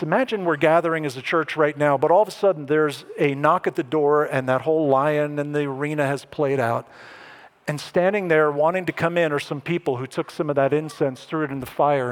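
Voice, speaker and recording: A man preaching a sermon as pastor, animated and lifting his voice when he acts out what others said. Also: on the high side, brisk. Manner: animated preaching, voice rising to act out quoted speech.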